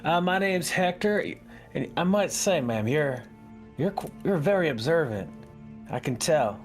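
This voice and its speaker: Man putting on a smooth-talking traveler. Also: fairly high pitch, expressive, a little slow, soft background music. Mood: flattering. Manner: eager, wheedling sales talk.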